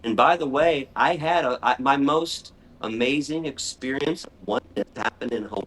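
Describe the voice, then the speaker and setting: A middle-aged man telling a story in conversation, animated and excitable. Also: mid-range voice, moderate pace, slight background noise. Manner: animated, excitable storyteller who acts out his own shrieks. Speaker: animal rights speaker, guest.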